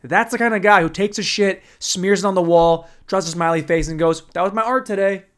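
A man's voice: high voice, steady tone, a little fast. A man doing stand-up storytelling in a profane, rambling, bro-ish way. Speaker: stand-up comedian.

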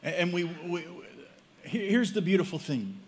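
Male preacher, slightly high voice, joking storyteller, pausing line by line. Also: animated. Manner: humorous storytelling, pauses for interpreter. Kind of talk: sermon with live interpretation.

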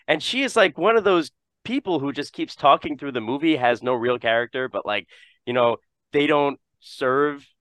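Bright, laughing podcast host man. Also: medium pitch, dry recording. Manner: animated, laughs often, swears casually. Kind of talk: casual chat.

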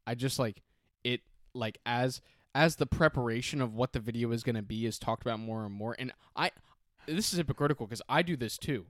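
A man's voice: medium pitch, brisk, no room sound, studio quality. A young man co-hosting a podcast in casual chat, rambling and hedging as he picks on himself. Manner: rambling, hedging, self-critical. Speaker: podcast co-host.

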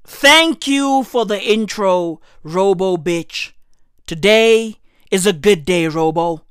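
A woman's voice: mid-range voice, slow pace, clear, resonant tone, no echo, studio quality. A woman in her thirties hosting a podcast, gushing in a profane, slang-heavy comic monologue. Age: 30s. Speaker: podcast host.

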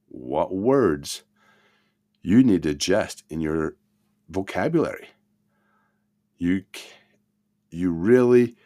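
A man teaching a self-help lesson in a motivational talk, swinging between loud emphasis and soft murmurs. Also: sits low.

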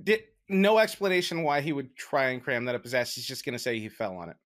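A man's voice: medium pitch, big pitch swings, fast talker, a bit bright. A man in his forties co-hosting a podcast, making wisecracks in casual chat. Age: 40s. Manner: wisecracking, hesitant. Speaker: podcast co-host.

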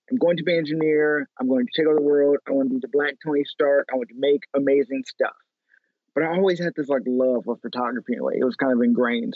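A man's voice: mid-range voice, no echo. Man telling stories over a tinny line. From Chicago, USA. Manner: animated, laughing, lots of fillers. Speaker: photographer guest. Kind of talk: casual storytelling interview. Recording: tinny phone-like line, dry.

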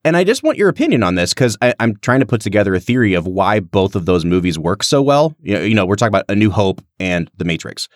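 A man co-hosting a podcast, chatting casually about a film in long, animated run-on thoughts. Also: lowish voice, fast talker, few pauses, no echo, studio quality. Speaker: podcast co-host.

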